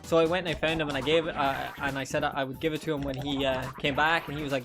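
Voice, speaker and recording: A man's voice: fairly high pitch, fast talker, music in the background. A young man, streaming a game with crude jokes and frequent laughter. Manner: crude, joking, laughs often. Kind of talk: live gameplay commentary.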